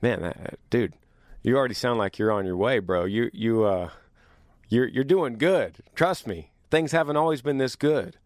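A man hosting a casual monologue to his viewers, animated and joking, teasing as he talks. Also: mid-range voice, moderate pace, no room sound, studio quality. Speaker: host.

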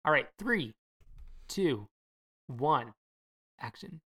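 A woman's voice: low voice, expressive, extremely slow, a bit bright, breathy edge. A woman co-hosting a podcast in casual chat, chatty and sarcastic with lots of fillers. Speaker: podcast co-host.

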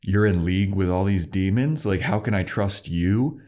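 A man's voice: low-pitched, moderate pace, close to an everyday voice. A man acting out a frantic, swearing young male soldier in a casual retelling. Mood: angry. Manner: shouting, swearing, rattled.

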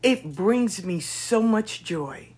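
A woman hosting a podcast, telling stories in a casual monologue, expressive and repetitive, swearing freely. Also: medium pitch, takes it slowly, slightly rough. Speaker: podcast host.

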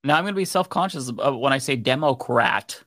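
A man's voice: on the high side, racing, a bit bright, dry recording, studio quality. A man co-hosting a casual panel chat, reading viewer messages and joking in mock offense. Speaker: podcast co-host reading super chats.

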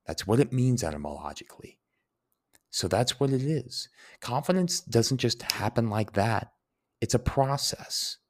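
A man's voice: mid-range voice, animated, unhurried. A young man, hosting a Q&A and answering personal listener questions in an earnest, heartfelt way. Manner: earnest, heartfelt, explains word origins. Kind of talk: reflective Q&A monologue.

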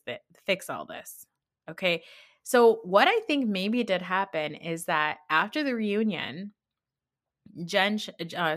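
A woman hosting a podcast, recapping reality TV in a chatty, sarcastic way and acting out quotes. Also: medium pitch. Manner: chatty, sarcastic, animated quoting of cast. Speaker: podcast host.

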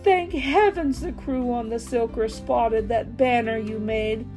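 A woman voicing a worried, loving mother who speaks with relief and gentle scolding. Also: on the high side, unhurried, over music, natural voice. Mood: relieved.

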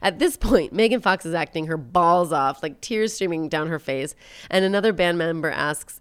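A woman hosting a podcast, recapping a film in a casual, animated, jokey way. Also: fairly low pitch, a little fast, clean tone, no room sound. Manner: animated, jokey storytelling with quoted lines. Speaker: podcast host.

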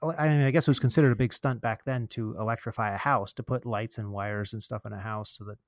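A man hosting a marketing podcast in casual chat, tossing in quick jokes and asides. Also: fairly low pitch, steady tone, dry recording, studio quality. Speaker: podcast host.

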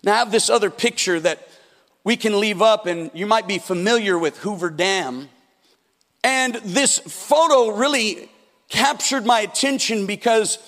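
A man's voice: high-pitched, fairly bright tone. A man preaching a sermon as pastor, telling stories and acting out the people in them. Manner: storytelling preacher, acts out quotes with big shifts. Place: church hall. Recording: long hall reverb.

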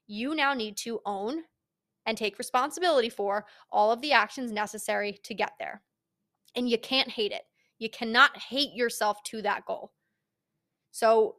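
Slightly high-voiced young woman coaching bluntly. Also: a bit bright. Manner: emphatic, swears freely, speaks straight to the listener. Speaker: fitness podcast host. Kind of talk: casual motivational podcast monologue.

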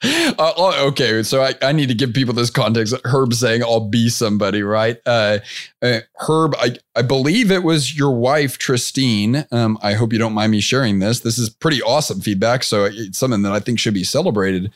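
A man's voice: mid-range voice, normal speed, no echo, clean studio sound. A man hosting a podcast interview in a casual chat, talkative and upbeat, laughing often. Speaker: podcast host.

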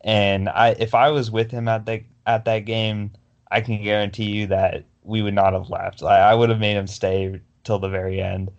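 A young man with a low voice co-hosts a casual sports podcast. He rambles through his stories, full of fillers and restarts. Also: little pitch movement, moderate pace, dull audio. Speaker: podcast co-host.

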